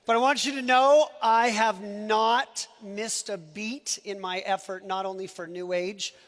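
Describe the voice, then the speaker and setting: Guy presenting on stage at a company event, slow and deliberate, bright edgy voice, goes from shouting to hushed. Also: very high-pitched. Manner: animated, swings between shouting and hushed asides. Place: event stage before an audience.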